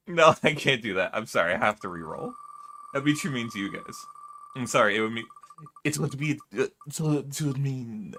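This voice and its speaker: A man's voice: mid-range voice, sing-song, a little slow, long pauses, bright, forceful tone. A man streaming a video game who chats casually and playfully with his viewers, laughing often. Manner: giggly, playful, talks to chat. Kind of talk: casual live-stream chat.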